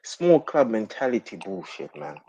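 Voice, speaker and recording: A man's voice: medium pitch, lively intonation, normal speed, creaky, warm tone, husky, no echo. A man giving emphatic, casual football opinions on a live stream panel, peppering his talk with "bro" and "man".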